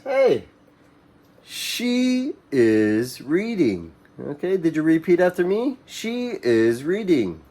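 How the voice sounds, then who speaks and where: A man leads a children's English reading lesson, reading short phrases slowly and clearly so the class can repeat them. His voice runs on the high side with a dark tone.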